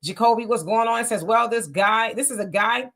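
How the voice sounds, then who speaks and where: A woman's voice: fairly high pitch, normal speed, fairly bright tone. A woman hosting a live political stream, greeting viewers by name and reading their comments aloud in a casual, emphatic way. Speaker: livestream host.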